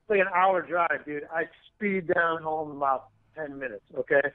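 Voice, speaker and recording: Animated, cursing male comic guest, higher voice, tinny dry phone-quality audio. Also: moderate pace, no room sound. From San Francisco area. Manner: animated, profane storytelling with acted-out quotes. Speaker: comedian guest. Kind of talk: storytelling in casual interview.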